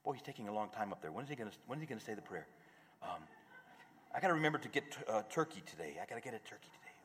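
A man's voice: fairly low pitch, sing-song, very fast, fairly bright tone, big-room sound, slight background noise, voice pushed down. A man putting on a distracted, impatient male churchgoer who mutters hurriedly to himself.

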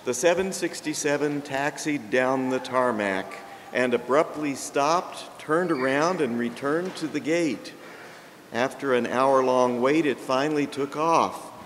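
An older man, a priest, preaching a sermon with jokes, told in a slow and gentle storytelling way. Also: mid-range voice. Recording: long reverb, faint background noise.

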